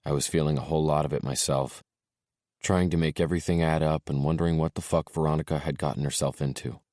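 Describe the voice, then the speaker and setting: A man narrating an audiobook in a soft, subdued way, dropping his voice low for tender moments. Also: fairly even intonation, fast talker, no echo, studio quality.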